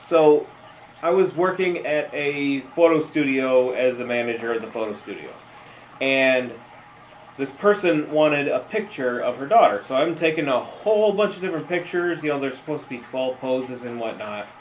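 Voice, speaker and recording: A man doing casual meme reaction commentary, rambling, telling stories and laughing often. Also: medium pitch. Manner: slow, rambling, laughs a lot. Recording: roomy, dull lo-fi sound with faint noise.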